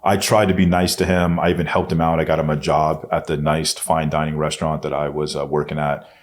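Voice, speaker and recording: A man being interviewed on a podcast, telling a personal story in a blunt, profane way. He often swears and goes soft and hushed when he quotes himself. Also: extremely low pitch, flat delivery, a little fast, slight background noise. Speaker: podcast guest.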